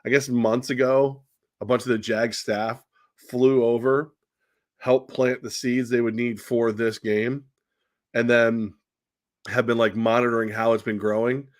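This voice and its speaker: A man's voice: medium pitch, little pitch movement, unhurried, dry recording, studio quality. A man hosting a live sports talk show, teasing his co-host and rambling with lots of fillers. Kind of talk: casual sports chat.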